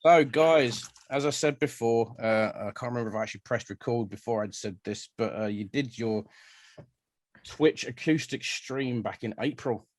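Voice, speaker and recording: A man's voice: medium pitch, normal speed, no room sound. A chatty man hosts an interview over a video call, joking at his own expense and bantering with his guests. The sound is dry and close. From London, England. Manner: chatty, self-deprecating, playful banter. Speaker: radio show host.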